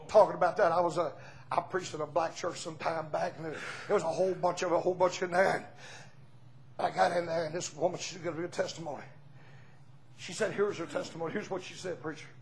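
An older man with a Southern US accent preaching a fiery revival sermon in a church, rising into shouted peaks and asking the congregation to answer back. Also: high voice, creaky. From Southern United States.

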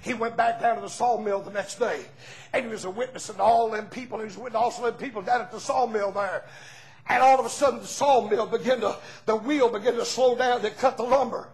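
An older man with a Southern US accent preaching a fiery revival sermon in a church, rising into shouted peaks and asking the congregation to answer back. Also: sits high, fairly quick. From Southern United States.

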